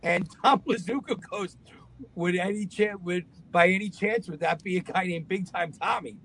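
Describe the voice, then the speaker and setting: A man's voice: high-pitched, normal speed, poor audio. A man, a guest telling a long story in a casual way and acting out the voices of the people in it. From Long Island, New York. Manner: animated, acts out other people's voices in his anecdotes.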